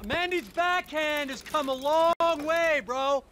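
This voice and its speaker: A smarmy, laid-back male tennis coach in a video game, speaking in a bright, high voice with an easy bro drawl. Faint game noise runs underneath. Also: slow, heavily acted. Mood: breezy. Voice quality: easygoing surfer-bro drawl.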